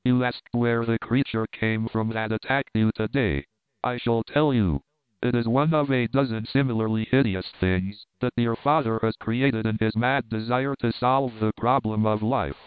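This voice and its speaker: A man voicing a scheming male doctor who talks in a solemn, measured, persuasive way. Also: mid-range voice, fairly even intonation, clear, resonant tone, no room sound, lightly acted. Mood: grave. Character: scheming grave male doctor, middle-aged. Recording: narrow phone-like band.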